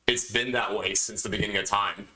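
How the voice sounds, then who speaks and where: A man's voice: lowish voice, steady tone, a little fast, noisy background. A man hosting a podcast, giving emphatic, lecturing advice in a casual monologue. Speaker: podcast host. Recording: echoey room.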